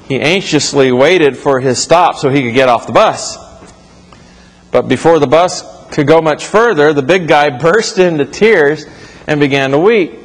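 A man preaching a sermon to his congregation in a church, talking it through conversationally and correcting himself as he goes. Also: on the high side. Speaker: pastor. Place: church sanctuary. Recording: reverberant hall.

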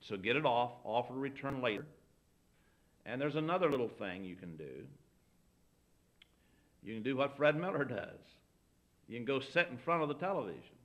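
Folksy, bright-voiced preacher man. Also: medium pitch, sing-song, moderate pace, long pauses. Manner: folksy, anecdotal, acts out quoted dialogue. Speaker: pastor teaching visitation. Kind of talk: folksy sermon talk.

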